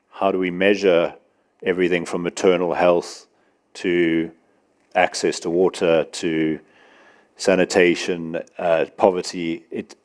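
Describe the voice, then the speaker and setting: Man, very low voice, measured panel speaker taking audience questions. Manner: measured, explanatory, with some restarts. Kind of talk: conference Q&A.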